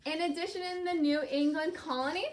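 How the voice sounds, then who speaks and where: A young woman teaching a class in a slow, clear way, saying key words and having students repeat them after her. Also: extremely high pitch, steady tone. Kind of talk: classroom lesson with call-and-response.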